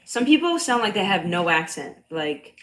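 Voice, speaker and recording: A loud, slightly nasal young woman with a touch of a Bronx accent, talking casually on a livestream. Her voice sits a little low for a woman. She speaks bluntly, swears freely and laughs between thoughts. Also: very animated, moderate pace, low-quality recording. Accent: slight Bronx New York. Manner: blunt, profane, laughs often. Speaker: cycle coach.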